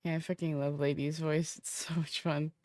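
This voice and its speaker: Flat in delivery, with a low-sitting voice and darkish tone, a woman streamer talks at a moderate pace on a dry recording. Setting up a roleplay character, she chats casually and profanely with viewers, half rambling to herself.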